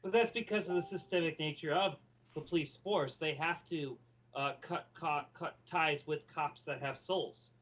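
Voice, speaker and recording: A man's voice: fairly high pitch, moderate pace, fairly bright tone. A man from Arizona speaking as a guest in a casual livestream chat, blunt and dry in his remarks. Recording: dull lo-fi call audio.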